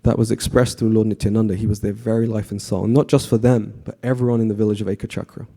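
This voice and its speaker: A man giving a conversational devotional class to a temple audience, often asking the audience questions and pausing with fillers. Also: lowish voice. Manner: frequent fillers and restarts, relaxed.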